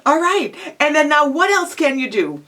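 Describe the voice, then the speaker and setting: A woman's voice: sits high, very animated, moderate pace, sharp tone. A woman giving a self-help video lecture on psychology, talking straight to the listener in a direct, encouraging way and asking rhetorical questions. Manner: rhetorical questions, frequent "um" and "you know". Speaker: psychology professor giving advice.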